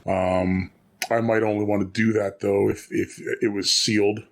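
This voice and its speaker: Chatty man with a lowish voice. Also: flat delivery, moderate pace, creaky. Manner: chatty, rambling with restarts. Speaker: podcast co-host. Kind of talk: casual chat.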